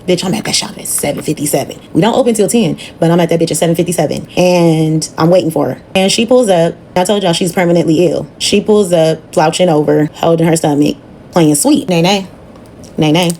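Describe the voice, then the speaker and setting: Fast-talking blunt woman storyteller. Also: fairly low pitch, a little mellow, a little hiss or hum. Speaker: nail technician. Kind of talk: casual storytime vlog.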